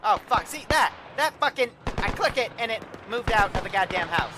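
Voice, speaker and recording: A man's voice: high voice, animated, normal speed. Offhand streamer man muttering. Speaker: game master and streamer. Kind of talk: casual stream chatter. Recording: voice chat over noisy game audio.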